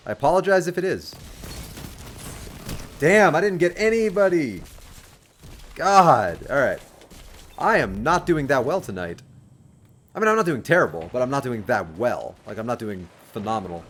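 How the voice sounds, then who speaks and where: Excitable rambling male game streamer. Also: medium pitch, moderate pace, pauses often, a little hiss or hum. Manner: excitable, rambling, lots of fillers and sudden outbursts. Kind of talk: casual livestream commentary. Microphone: desk microphone.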